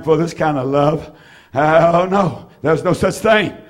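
A man preaching a sermon, with rhythmic repetition, swinging between shouted phrases and hushed ones. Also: fairly high pitch, takes it slowly.

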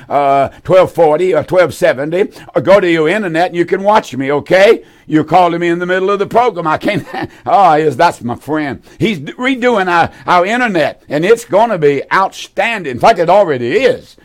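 A man preaching on a radio call-in program. His voice sits a little high for a man, and he drives his points home by repeating phrases with fervor. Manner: fervent, repeats key phrases for emphasis. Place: radio studio.

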